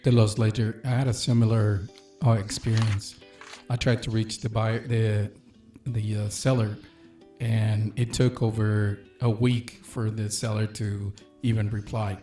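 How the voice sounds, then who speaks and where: A man speaking slowly and haltingly in a casual chat. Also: fairly low pitch. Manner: slow, halting, flat delivery. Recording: echoey room, faint music.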